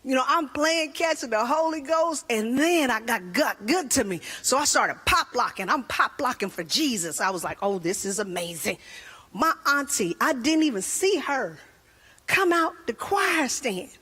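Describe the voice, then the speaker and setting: Woman comedian, high voice, husky, animated storytelling, stand-up routine. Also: normal speed.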